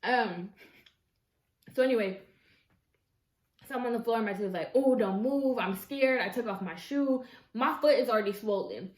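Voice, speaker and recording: A woman telling a story casually while eating on camera at home, chatty and expressive, with slangy asides to her viewers. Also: fairly high pitch, moderate pace, long pauses. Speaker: mukbang vlogger. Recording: echoey room.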